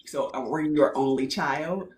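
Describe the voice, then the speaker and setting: Affirming host with a roomy echo. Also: female voice, sits low, moderate pace, a little mellow, a little hiss or hum. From Baltimore, US. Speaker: podcast host. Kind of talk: casual interview chat.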